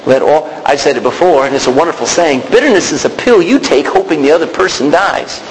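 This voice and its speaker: Animated male preacher in a reverberant hall. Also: on the high side, brisk. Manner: animated preaching with calls of "Amen?", acted quotes and shouts. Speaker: pastor. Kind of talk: sermon. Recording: reverberant hall with faint background noise.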